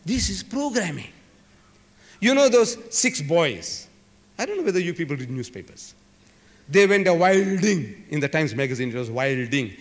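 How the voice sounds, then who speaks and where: A man giving an emphatic, dramatic public lecture in a large civic hall, full of repetition and rhetorical flourishes. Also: a little high. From South Africa. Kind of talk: public lecture to a live audience. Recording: echoey hall recording.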